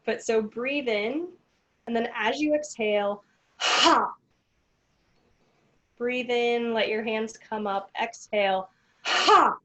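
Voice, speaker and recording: A woman leading a virtual breathing workshop over a video call, giving calm instructions and counting breaths slowly. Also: medium pitch, poor audio. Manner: calm, slow counting with pauses.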